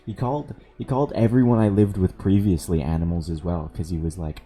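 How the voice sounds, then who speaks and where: A man's voice: sits low, fairly even intonation, fairly quick, mellow, faint music behind. A male streamer casually telling a story while gaming, profane, sardonic and amused.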